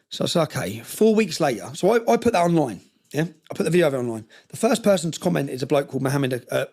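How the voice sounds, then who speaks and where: A medium-pitched man with a darkish tone tells a story intensely as an interview guest, often checking in with "yeah?" and acting out what other people said through quoted dialogue.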